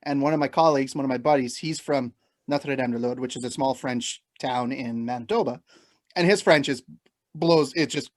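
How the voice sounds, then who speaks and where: A man's voice: medium pitch, brisk. A man from Canada co-hosting a casual beer podcast, telling stories, laughing a lot and swearing freely. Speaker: podcast co-host. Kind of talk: casual chat over beers.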